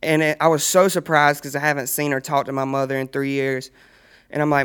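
Smooth-voiced man telling his testimony. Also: on the high side, flat delivery, brisk, a bit bright. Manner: earnest storytelling, laughs often. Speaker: guest sharing testimony. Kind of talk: personal testimony in casual chat.

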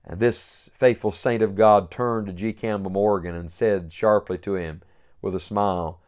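A man's voice: fairly low pitch, steady tone, moderate pace, a little mellow. A man preaching a sermon, earnest and building to emphatic peaks.

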